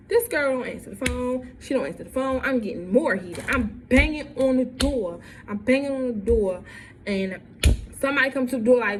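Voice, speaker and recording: A woman's voice: high voice, normal speed, background noise. A young woman telling a story in a vlog, repeating lines and acting out what people said. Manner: animated, repeats lines, acts out quotes. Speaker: vlogger.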